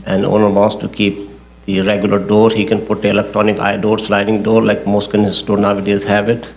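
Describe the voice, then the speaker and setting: A man, the project engineer, presenting his case at a public zoning hearing in a halting, technical way, often repeating himself. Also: fairly low pitch, monotone, a little mellow, slight background noise.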